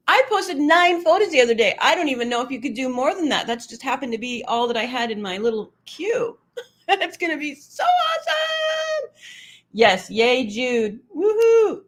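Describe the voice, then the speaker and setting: A middle-aged woman chats with viewers on a casual livestream. Her voice swings widely in pitch and she laughs readily. She is emotional and talkative, reading comments aloud. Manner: chatty and emotional, laughs often, lively pitch. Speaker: livestream host.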